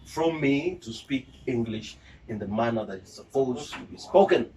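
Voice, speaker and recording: A man with a Kenyan accent, a journalist guest chatting casually and telling animated stories, slipping between English and Swahili. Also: medium pitch, moderate pace, far from the mic. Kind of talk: casual interview chat.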